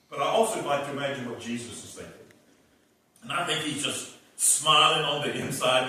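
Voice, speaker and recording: A man preaching a revival sermon, telling the story in an animated way and acting out the characters' lines. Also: medium pitch, a little fast. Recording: echoey hall, distant mic.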